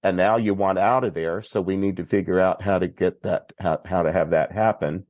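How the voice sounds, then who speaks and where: A man from Texas, a priest guest on a podcast, telling a story in an unhurried, plainspoken way. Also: deep voice, steady tone, a little mellow, dry recording, highs cut off. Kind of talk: recounting a story in conversation.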